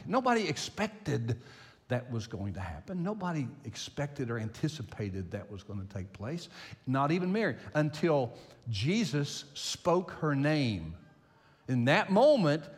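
A man's voice: medium pitch, sing-song, moderate pace. An older man, a pastor, preaching a sermon and telling a personal story, repeating phrases for emphasis. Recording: long hall reverb.

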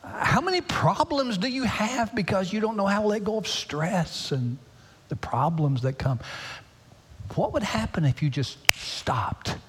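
A man preaching a sermon as pastor, swinging from loud, high pleading to hushed near-whispers. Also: animated, a little slow, a little hiss or hum. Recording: long hall reverb.

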